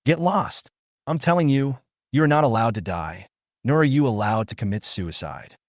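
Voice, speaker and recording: A man's voice: medium pitch, expressive, moderate pace, no echo, studio quality, natural voice. A man voicing a stern young female military radio correspondent, speaking in an emphatic, scolding way.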